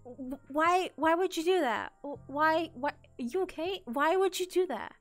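A woman live-streaming in casual chat, bubbly and excitable, easily startled into loud yelps and laughs, playfully repeating catchphrases. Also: very high voice, normal speed, soft background music.

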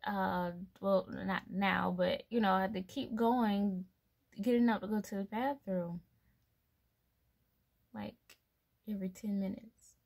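A young woman talks slowly and loosely to her viewers about pregnancy. Her voice has a gravelly, fry-edged texture, and she rambles, filling pauses with "um" and "like" and small laughs. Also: mid-range voice, fairly even intonation, a little mellow. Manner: chatty, rambling, laughs between thoughts, many fillers. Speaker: mom vlogger. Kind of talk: casual pregnancy vlog.

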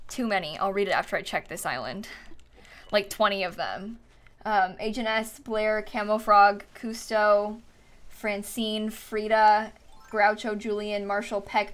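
A woman's voice: mid-range voice, a bit bright. A young woman chatting casually on a live stream, thanking viewers with frequent fillers and laughs.

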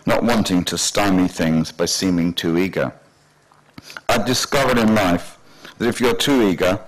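Deep-voiced man reading his fiction aloud. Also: rough recording. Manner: dry, wry storytelling with voiced characters. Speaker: author reading his novel. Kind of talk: literary reading. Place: festival stage before an audience.

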